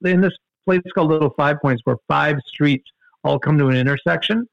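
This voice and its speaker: A man telling a story in casual conversation, animated, with many fillers and restarts. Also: a little fast, vocal fry, dry recording, dull audio. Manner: animated, jumps in pitch for quoted outbursts, many fillers and restarts. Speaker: guest storyteller.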